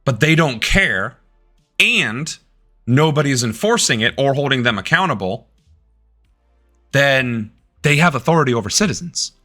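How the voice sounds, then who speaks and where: A man's voice: mid-range voice, animated, a little slow, pauses often, pushed and bright, faint music behind. A man doing live-stream reaction commentary on politics, ranting angrily and with heavy profanity.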